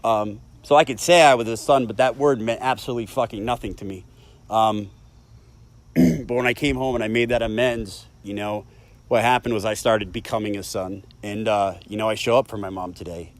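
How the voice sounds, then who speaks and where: A man's voice: lowish voice, moderate pace. A man in his thirties giving a candid, emotional personal share at a recovery meeting, swearing often as he speaks. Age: 30s. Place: meeting room.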